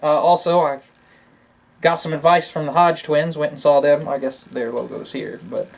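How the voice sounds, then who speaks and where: A man's voice: on the high side, fairly even intonation, moderate pace, creaky. A man co-hosting a casual talk show, telling stories in a loose, profane way and laughing often. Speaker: podcast co-host. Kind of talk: casual chat.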